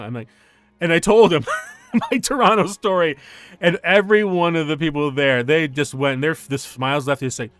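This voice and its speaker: On a casual stream, a man in his forties rambles through a story, frequently cutting himself off. His voice is on the high side, fairly quick, a bit bright, clear and resonant, with no room sound and soft music in the background.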